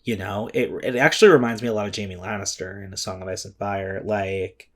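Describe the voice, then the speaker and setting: A man with a fairly low voice talks through his thoughts in a loose, unscripted vlog. He rambles, restarts his sentences and fills gaps with ums. He swears now and then and sounds openly moved. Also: steady tone, fairly quick. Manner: rambling and emotional, many fillers and restarts, swears. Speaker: vlogger reviewing a comic chapter. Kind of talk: casual spoken commentary.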